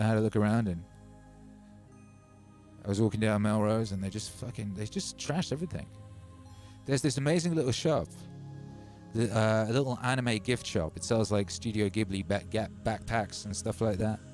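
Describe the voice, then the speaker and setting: A man's voice: fairly low pitch, moderate pace, a little mellow, faint music behind. Rambling, sardonic male livestream host. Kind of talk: casual livestream chat. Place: home studio.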